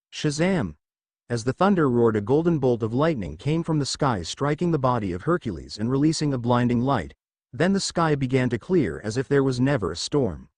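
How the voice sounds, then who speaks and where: A man's voice: medium pitch, darkish tone, no room sound. A man narrating a superhero fan-fiction story with dramatic storytelling. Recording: dry close recording.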